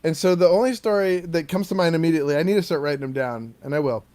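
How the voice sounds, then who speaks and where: A man's voice: fairly high pitch, fast talker, a little mellow. A man co-hosting a podcast, telling a family story in a rambling, casual way and laughing easily. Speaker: podcast co-host.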